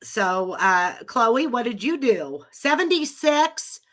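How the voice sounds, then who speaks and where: Speaking slowly in a fairly high, very animated voice, this middle-aged woman has a cold. She's hosting a live audio chat with listeners, rambling and chatty, with frequent laughter.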